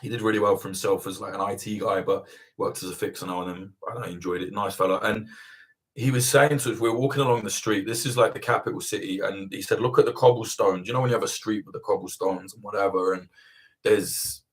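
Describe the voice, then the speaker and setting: A man's voice: lowish voice, fairly even intonation, fast talker. A young adult man from England, a journalist hosting a livestream Q&A, telling a long sweary anecdote full of fillers and laughs. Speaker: journalist and channel host. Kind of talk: casual livestream Q&A storytelling.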